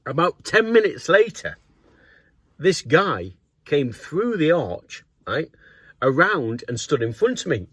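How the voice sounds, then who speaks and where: Slow and slightly rough, this fairly high-pitched voice comes from a middle-aged North East England vlogger who runs a grass cutting business. Casually recounting something that happened to him, he performs the other people's lines and laughs as he goes. There's no room sound.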